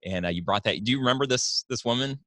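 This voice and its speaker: A man's voice: mid-range voice, fast talker, a bit bright. A man hosting a podcast, asking questions in a hesitant way with many restarts. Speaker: podcast host. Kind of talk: casual podcast interview.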